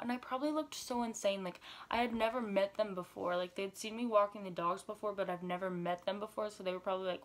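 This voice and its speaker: Young woman, vlogger, animated storytelling, filler-heavy, chatty, medium pitch. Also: brisk, hardly any pauses. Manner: animated retelling, frequent "like" fillers. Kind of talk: story time vlog.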